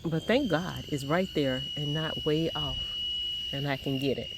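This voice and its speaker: A woman's voice: low-pitched, a little slow, heavy background noise. A middle-aged woman with a Southern US accent, chatting and telling stories while fishing outdoors. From Southern United States. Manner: chatty, rambling, laughs often. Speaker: fishing vlogger. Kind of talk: casual storytelling while fishing. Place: outdoors by the water.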